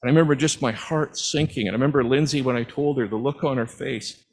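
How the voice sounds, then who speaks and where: A man's voice: medium pitch, fast talker, darkish tone, poor audio. A middle-aged man preaching, telling personal stories as testimony in an earnest, heartfelt way. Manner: earnest storytelling, at times moved to tears.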